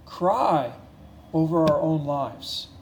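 Male pastor, slightly high voice, earnest building sermon delivery, echoey room sound. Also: lively intonation, gravelly, a little hiss or hum. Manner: earnest, repetitive preaching with slowed emphasis and rising intensity.

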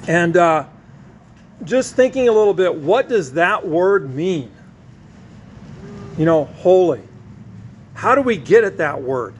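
A man preaching a sermon, teaching slowly and drawing out his stressed words. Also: high voice, expressive, slight background noise. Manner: slow, emphatic teaching with drawn-out stressed words.

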